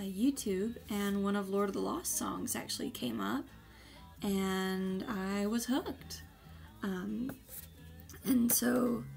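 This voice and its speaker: A woman's voice: mid-range voice, vocal fry. A woman chatting casually as a vlogger, gushing and effusive, with hesitant fillers. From United States. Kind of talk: casual unboxing chat.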